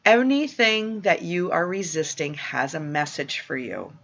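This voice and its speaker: Slow, gentle woman giving a spiritual talk. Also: lowish voice, expressive, gravelly. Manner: slow, soothing and affirming. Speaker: spiritual teacher. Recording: dull lo-fi recording.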